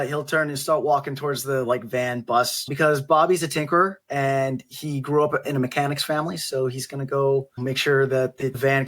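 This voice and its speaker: A man, a player in a tabletop role-play, narrates what his character does. He is casual and rambling, with a slightly high voice. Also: fairly bright tone.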